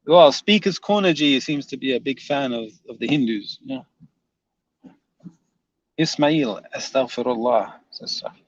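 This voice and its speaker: A man's voice: mid-range voice, measured pace, long pauses, dry recording, highs cut off. Teasing man reading live chat. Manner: teasing, laughs often, reads comments aloud. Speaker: livestream host reading chat comments. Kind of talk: casual livestream chat.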